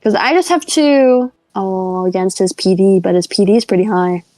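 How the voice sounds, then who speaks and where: A woman's voice: medium pitch, moderate pace, a little mellow, no echo, rough recording. A woman playing a tabletop game, thinking aloud and hesitating over her moves. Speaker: player. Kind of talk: casual tabletop game chat.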